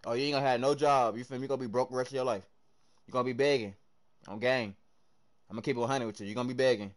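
A young man from the American South streaming a game live, chatting with his viewers in hyped, slangy bursts that swing between loud and soft. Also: medium pitch, steady tone, rapid-fire.

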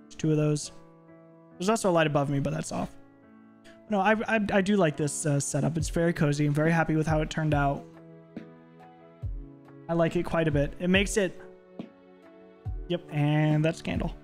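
A man's voice: fairly high pitch, steady tone, normal speed, long pauses, a little mellow, soft background music. A man streaming a game from his home office, chatting casually and rambling with playful asides. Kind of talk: casual gaming stream chat.

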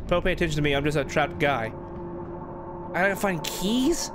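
High-voiced jittery man gaming. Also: lively intonation, normal speed, noisy background. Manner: jittery, rambling self-talk. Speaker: let's play gamer. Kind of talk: horror game commentary. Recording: game music behind.

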